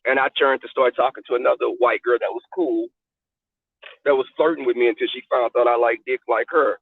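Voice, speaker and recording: A man with a Southern US accent telling a story in a car, animated, profane and sassy. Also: medium pitch, fairly quick, no echo. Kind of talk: casual storytelling. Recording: tinny phone-like, dry sound.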